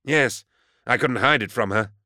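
A man voicing a dutiful male soldier-aide in an audiobook, with brisk, direct speech. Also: mid-range voice, dry recording, clean studio sound, pitched above the performer's own voice, lightly acted. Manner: brisk, loud commands.

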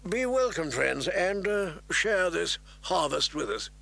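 Voiced by a man, a courtly old knight speaks in formal, measured words with little hesitant pauses. The voice is raised above the narrator's usual pitch and bright in tone. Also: big pitch swings, gravelly, full character voice. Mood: welcoming.

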